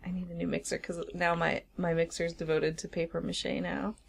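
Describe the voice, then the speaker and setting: A woman co-hosting a podcast in casual chat, chiming in often with encouraging responses and quick laughs. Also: on the low side, little pitch movement, gravelly, slightly rough. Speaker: podcast co-host.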